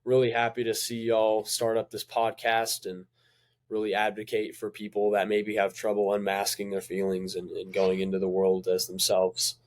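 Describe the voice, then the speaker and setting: A man's voice: lowish voice, completely flat delivery, normal speed. A young man in college, a podcast guest speaking earnestly and hesitantly in casual chat. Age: young adult, college student. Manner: earnest, hesitant, many fillers.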